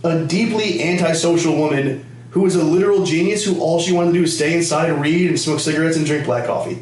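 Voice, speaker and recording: Profane comedian telling stories in an echoey room. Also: male voice, a little high, fast talker, darkish tone, slight background noise. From United States, Connecticut. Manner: loose, profane, rambling with restarts. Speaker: podcast host, comedian. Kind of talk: casual comedic storytelling. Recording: roomy, distant camera-mic audio.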